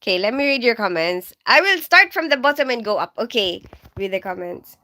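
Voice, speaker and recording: A woman's voice: a little high, big pitch swings, a little fast, sharp tone. A woman hosting a casual live stream, reading viewer comments aloud and chatting in a rambling way, laughing often. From Philippines. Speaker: livestream host and nurse.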